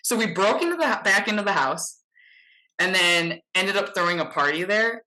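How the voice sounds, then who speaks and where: Animated bright-voiced woman telling a story. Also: mid-range voice, normal speed, poor audio. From Chicago area. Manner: animated anecdote teller with lots of "like". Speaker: podcast guest, musician. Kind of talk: casual chat, storytelling.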